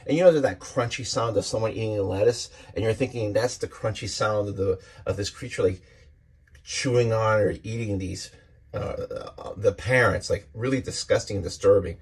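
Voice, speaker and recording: A man's voice: on the low side, moderate pace, husky. A man casually walking through a comic book issue page by page, enthusiastic and rambling, often restarting his sentences.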